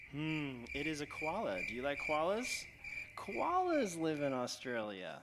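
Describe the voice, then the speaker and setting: Upbeat male game-show host for kids, playful and teasing, pitch sits a bit high and swings widely. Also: slight background noise. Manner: animated, teasing, exaggerated pauses. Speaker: quiz host at a church kids' event. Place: church hall stage.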